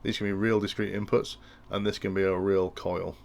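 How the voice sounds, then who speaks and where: A man's voice: low voice, little pitch movement, moderate pace, gravelly. A man explaining industrial control logic in a tutorial, thinking aloud and often restarting his sentences. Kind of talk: technical tutorial walkthrough.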